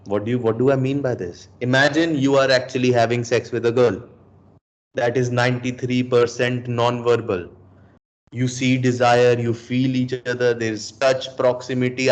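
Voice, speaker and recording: A young man giving a coaching session, emphatic, asking the listener rhetorical questions and mixing in Hindi phrases. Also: mid-range voice. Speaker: dating coach.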